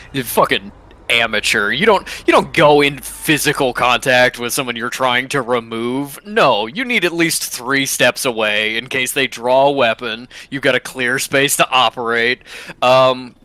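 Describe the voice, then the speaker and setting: Bright-voiced, hesitant man running a game. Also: medium pitch, measured pace, no room sound. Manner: hesitant, full of ums and restarts. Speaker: game master. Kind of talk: narrating a tabletop game.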